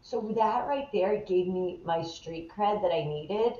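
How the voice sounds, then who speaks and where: A woman guest in a podcast interview, telling a story in a lively, animated way and acting out the people in it. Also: fairly low pitch, unhurried. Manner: animated, acts out the people in her stories. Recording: roomy, slightly dull sound.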